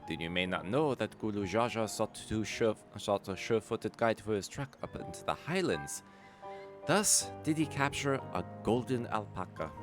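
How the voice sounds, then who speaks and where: A man reading the lines of a small, formal storyteller from a merchant clan, measured and solemn. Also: on the low side, expressive, music in the background, natural voice. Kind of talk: reading game dialogue aloud.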